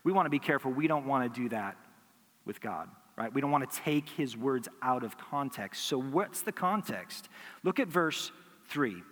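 A male pastor delivers a teaching sermon at a mid-range pitch. He poses rhetorical questions and briefly acts out the replies of imagined listeners. His voice carries a long reverb from a large church hall. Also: animated, moderate pace, a bit bright.

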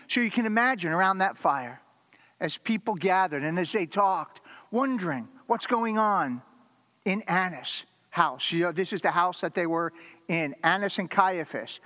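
A man preaching a sermon as a pastor, telling the story dramatically and swinging from loud to hushed. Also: high voice, animated, moderate pace, in a large hall.

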